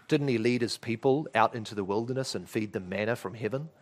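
A man's voice: medium pitch, quick pace. A man preaching an expository sermon, asking rhetorical questions and stressing key words.

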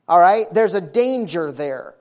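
A middle-aged man preaching a sermon, telling stories in a lively, folksy way and hammering points home with repetition. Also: high-pitched, takes it slowly. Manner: animated, folksy storytelling with emphatic repetition.

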